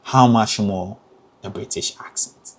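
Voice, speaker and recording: A man's voice: lowish voice, steady tone, unhurried. A young man from Ghana with a Ghanaian accent, a theatre graduate student giving casual advice in a chatty, emphatic way, full of "you know" fillers.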